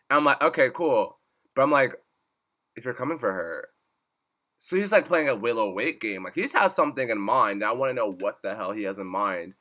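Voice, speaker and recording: An excitable man in casual recap mode, his voice bright and cutting. He swears freely, laughs often and jumps up high when something delights him. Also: a little fast. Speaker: YouTube reviewer.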